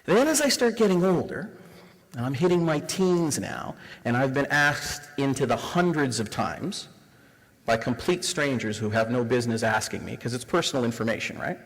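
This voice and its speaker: A man's voice: mid-range voice, normal speed, a bit bright. A Canadian man in his forties giving a live diversity workshop, engaging the audience with rhetorical questions. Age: 40s. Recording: reverberant room sound.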